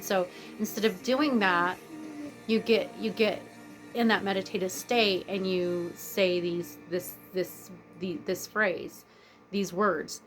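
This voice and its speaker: A woman's voice: on the low side, measured pace. A woman vlogger chatting casually, rambling and drifting off topic, blunt and swearing freely. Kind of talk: casual chat. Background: faint music playing.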